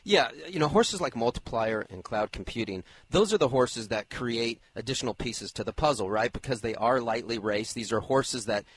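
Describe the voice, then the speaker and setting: A man working as a racing analyst on radio, explaining the contenders in a fluent, energetic way. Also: medium pitch, moderate pace, hardly any pauses, husky. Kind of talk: horse racing radio talk.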